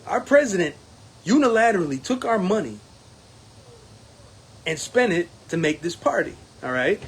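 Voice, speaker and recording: A man with a slightly high voice talks straight to the camera as a union steward running for office. He is emphatic and defiant, stumbling through fillers and restarts as he goes. Faint noise sits under his voice. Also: rough recording. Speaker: union steward campaigning for local president. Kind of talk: casual talking-to-camera recap.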